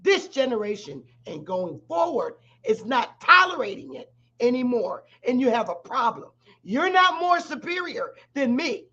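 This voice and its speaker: A woman's voice: high-pitched, very animated, unhurried, sharp tone. A middle-aged woman hosting her own channel, arguing angrily and emphatically, repeating herself. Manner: angry, emphatic, repetitive, swearing. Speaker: channel host. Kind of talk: heated live stream argument. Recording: dull lo-fi stream audio.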